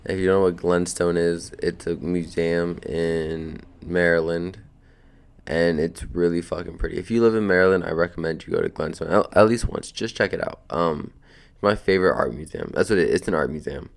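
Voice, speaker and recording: Sleepy low-voiced young man, gravelly. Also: normal speed. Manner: laid-back, slangy, meandering, cursing. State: sleepy, just woken up. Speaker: podcast host. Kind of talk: casual rambling podcast chat. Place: at home, sitting in a beanbag.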